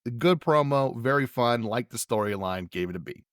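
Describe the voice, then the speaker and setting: A man's voice: mid-range voice, normal speed, smooth, no echo, clean studio sound. A man co-hosting a podcast, casually recapping wrestling and giving each segment a letter grade. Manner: relaxed, hands out letter grades. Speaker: podcast co-host.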